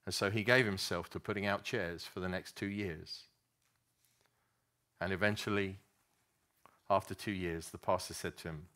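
Earnest male preacher, bright voice. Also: low voice, steady tone, moderate pace, pauses often. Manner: storytelling, earnest, with many restarts and fillers. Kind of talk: sermon.

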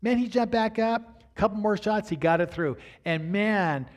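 A middle-aged man preaching a sermon to a congregation, talking straight to them and building to near shouts at the peaks. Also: high voice, a little slow. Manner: addresses the congregation directly. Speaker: pastor. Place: church sanctuary before a congregation.

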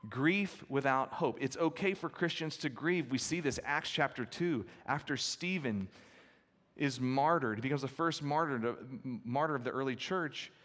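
A man's voice: mid-range voice, measured pace, fairly bright tone. A male pastor delivers an expository sermon in an earnest, emphatic way. He retells stories with feeling and repeats key phrases. His mid-range voice rings out with a long reverb, as in a church sanctuary.

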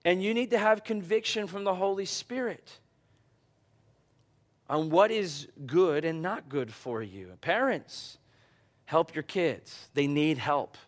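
Animated preacher, a man. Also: a little high, takes it slowly. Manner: conversational, animated when telling personal stories. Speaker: pastor. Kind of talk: sermon.

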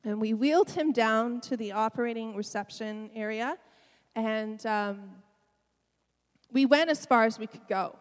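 A middle-aged woman pastor preaching a sermon, telling a personal story with emotion and soft laughs. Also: fairly high pitch, measured pace, in a large hall.

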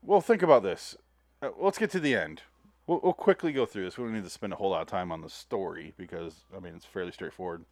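A man's voice: low-pitched, expressive, darkish tone, dry recording, studio quality. Casual American man recapping an episode. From United States. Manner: casual, swearing, retells scenes in quick paraphrase. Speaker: podcast co-host.

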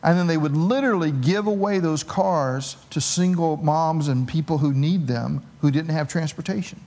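A middle-aged pastor preaches a sermon, sharing a personal story with animated, self-mocking humor. His voice is a little high and his pace normal.

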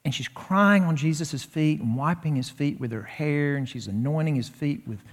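A man preaching an expository sermon in a church, lively and slowing his delivery to stress key points. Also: fairly high pitch. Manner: animated expository preaching, slows down for emphasis. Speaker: pastor. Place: church sanctuary. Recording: long reverb of a church hall.

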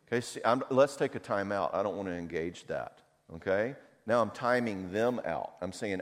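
A man's voice: lowish voice, moderate pace. A middle-aged man giving a conversational talk, telling personal stories and acting out the voices he quotes. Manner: animated storyteller who acts out quoted voices. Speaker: speaker on marriage and anger. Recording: long hall reverb.

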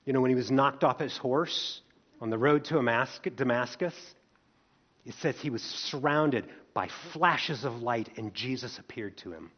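A man preaching a sermon, telling the story in lively, expressive turns and asking the congregation rhetorical questions. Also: medium pitch, a little slow. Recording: dull lo-fi recording.

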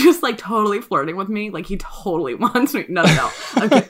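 A young adult woman telling a story in casual chat, animated and profane, full of filler likes. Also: medium pitch, a little fast, hardly any pauses.

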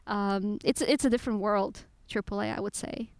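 A woman's voice: medium pitch, steady tone, normal speed, a little mellow, no echo. Chatty woman game developer, laughing often. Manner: chatty, laughs often, many fillers and restarts. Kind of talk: casual conversation.

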